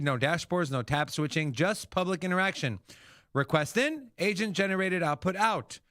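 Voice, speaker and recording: A man hosting a crypto livestream, talking casually and excitably, swearing freely. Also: high-pitched, brisk, no echo, studio quality. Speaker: crypto show host. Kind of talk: livestream market commentary.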